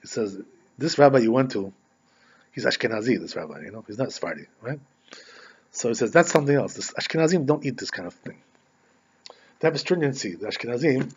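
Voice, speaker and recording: A male rabbi teaches in a quick, chatty way with a slightly raised pitch, and he often tags his points with questions. The recording sounds dull and lo-fi. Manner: conversational, frequent "right?" tag questions. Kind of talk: religious law lesson with storytelling.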